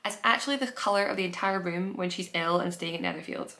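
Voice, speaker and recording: A woman hosting a podcast talks in a relaxed, chatty way, gushing with enthusiasm about what she loves. Her voice sits a little low for a woman. She often trails off and restarts her sentences. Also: fast talker. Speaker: podcast host. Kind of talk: casual chat.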